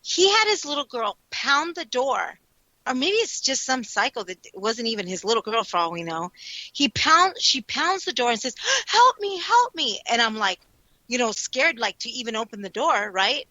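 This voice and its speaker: A woman co-hosting a talk radio show tells stories in an animated, expressive way. Her voice is bright and high, and it swings widely in pitch. The recording is dry and close, with a dull lo-fi tone. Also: moderate pace, no room sound. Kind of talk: casual chat.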